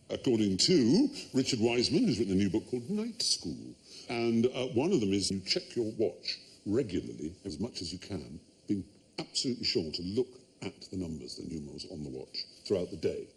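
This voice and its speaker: A man's voice: lowish voice, big pitch swings, fairly quick. A man hosting a comedy quiz panel show in a TV studio, explaining facts in an erudite, wry way. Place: TV studio with audience.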